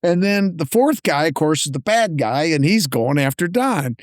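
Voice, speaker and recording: A man tells a story as a podcast guest, in animated casual chat. His voice sits fairly high for a man. The sound is dry and close. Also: moderate pace, no echo. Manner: animated storyteller, acts out dialogue.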